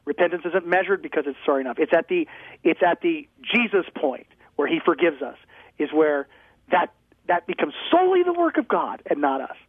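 A man's voice: a little high, big pitch swings, a little fast, slightly rough, dry recording. A man, a guest pastor, talking with energy and humor on a call-in radio show, sometimes ranting. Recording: tinny phone line.

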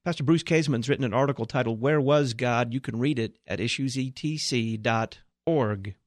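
A man hosting a live talk radio show, speaking in an earnest, measured way. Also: mid-range voice, no room sound, clean studio sound.

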